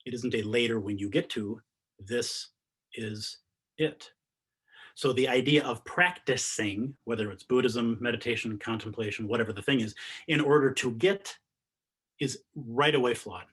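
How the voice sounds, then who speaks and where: A man gives a spiritual talk over a video call, his voice a little husky and his pitch sitting in the middle. He talks earnestly and with animation, pressing his questions higher and letting his phrases fall quiet at their ends. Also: normal speed. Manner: earnest, animated, rising to emphatic questions and dropping to soft endings. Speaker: meditation teacher.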